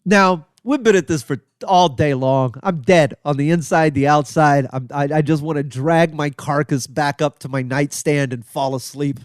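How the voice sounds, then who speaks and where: A man telling a long travel story as a comedian and podcast host, in a loose, animated way. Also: a little high, moderate pace, hardly any pauses, dry recording, clean studio sound.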